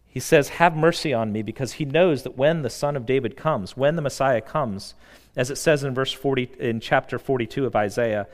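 Delivering a sermon with earnest conviction, a pastor builds to emphatic peaks and then sinks into hushed, slow stretches. His voice sits at medium pitch, trailed by a long reverb tail.

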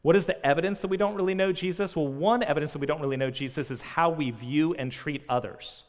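A man's voice: fairly high pitch, fast. Man preaching in a reverberant hall. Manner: earnest, rhetorical questions, dynamic swings in loudness. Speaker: pastor. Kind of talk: sermon. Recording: long reverb of a large hall.

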